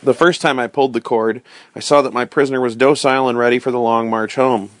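Man reading a story out loud, steady and clear, dry close sound. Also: medium pitch, fast talker, no echo. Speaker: narrator. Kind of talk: storybook read-aloud.

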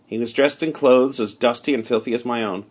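A man giving a measured, steady first-person narration of a story. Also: medium pitch. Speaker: audiobook narrator.

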